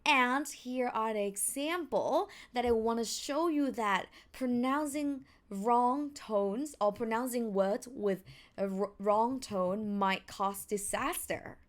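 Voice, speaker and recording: A young woman with a Thai accent teaching a language lesson, slowing right down to sound out each tone. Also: on the high side. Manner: slow, careful, drawn-out tone demonstrations.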